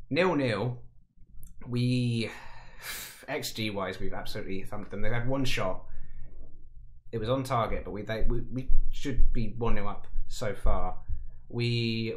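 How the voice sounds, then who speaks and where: A man giving casual, excitable commentary over a football management game, talking to himself and panicking aloud. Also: medium pitch. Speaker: gaming YouTuber.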